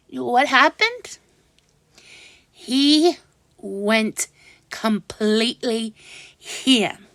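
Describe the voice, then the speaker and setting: A high-pitched woman recounts a story to her viewers at an unhurried, halting pace, often stopping to restart her sentences. Her exasperation keeps breaking through. The sound is dry and close, with no room around it. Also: a bit bright, no room sound. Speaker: vlogger. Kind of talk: casual storytelling vlog.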